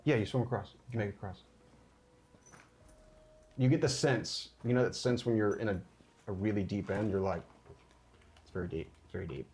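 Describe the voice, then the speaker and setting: A man's voice: on the low side, a little mellow. A casual man running a tabletop game. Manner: casual, halting narration with fillers. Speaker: dungeon master.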